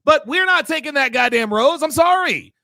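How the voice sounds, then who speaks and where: A podcast host, a man, reacting to a clip with angry, profane commentary and frequent shouting. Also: very high voice, lively intonation, moderate pace, gravelly, no echo.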